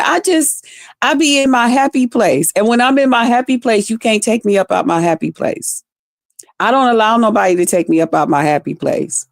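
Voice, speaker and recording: Woman, profane animated vlog rant, slightly high voice, dry sound. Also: gravelly, dry recording. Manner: profane, animated, laughing, talks straight to viewers. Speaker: vlogger. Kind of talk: casual ranting monologue to viewers.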